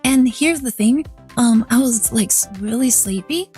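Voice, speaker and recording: A woman's voice: a little high, a little slow, dark tone, soft background music. A woman VTuber streaming, casually rambling through an anecdote to her chat.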